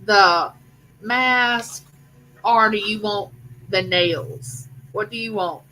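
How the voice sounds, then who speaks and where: An older woman, hosting a casual live chat and talking warmly to her viewers. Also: mid-range voice, slow, slight background noise, low-quality recording. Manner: chatty, affectionate, talks to viewers directly. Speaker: live stream host.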